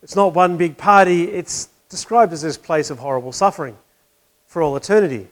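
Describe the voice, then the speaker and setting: A man's voice: a little high, brisk. A man preaching a conversational sermon, asking questions and telling a wry joke.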